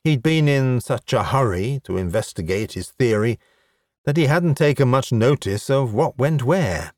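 A male audiobook narrator reading at an unhurried pace with a wry, even delivery. His voice sits close and dry, with no room sound around it. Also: mid-range voice, no echo. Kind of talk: scripted narration.

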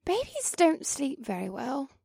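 A man doing an eager young woman, high. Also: wildly swooping pitch, unhurried, vocal fry, darkish tone, dry recording, studio quality, full character voice. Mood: earnest. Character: eager sleepy young red-haired woman. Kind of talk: audiobook character voice.

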